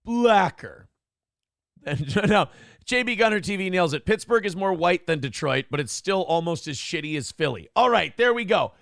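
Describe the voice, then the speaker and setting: A man's voice: a little high, creaky, fairly bright tone, no room sound, clean studio sound. A male morning show host giving sarcastic, crude commentary and reading viewer chat aloud. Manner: crude, sarcastic, swears freely. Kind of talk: casual live-stream commentary.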